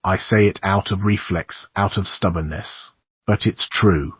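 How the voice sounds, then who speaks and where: A man reading a horror audiobook in a measured, somber narration. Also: low voice, steady tone, breathy edge, dry recording, muffled recording.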